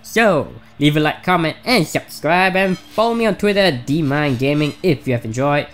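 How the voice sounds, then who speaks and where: A woman's voice: low-pitched, lively intonation, moderate pace. A woman hosting a let's play, reading a visual novel's narration aloud in a chatty, lightly wry way.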